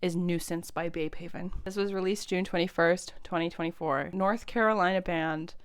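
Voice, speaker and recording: A woman's voice: on the low side, fairly even intonation, moderate pace, clear, resonant tone. A woman casually reviewing albums on her vlog, chatty and enthusiastic, swearing and laughing often. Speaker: music vlogger.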